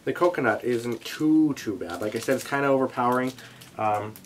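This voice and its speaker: A man's voice: medium pitch, a little fast, slight background noise. A young man vlogging a taste test, talking in a rambling, chatty way with many asides. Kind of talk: casual chat to camera.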